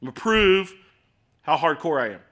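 A man in his forties preaching a sermon in a conversational, self-deprecating way, with swings between loud and soft. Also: fairly high pitch, sing-song, normal speed. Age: 40s. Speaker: pastor.

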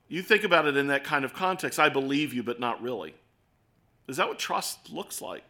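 A man's voice: on the high side, pushed and bright. A man preaching an earnest sermon, telling stories and asking his listeners rhetorical questions. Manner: storytelling.

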